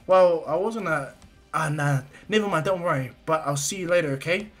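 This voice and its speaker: A man voicing an eager, earnest teenage boy hero who bursts into excited shouts. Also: on the high side, moderate pace, faint music behind, lightly acted.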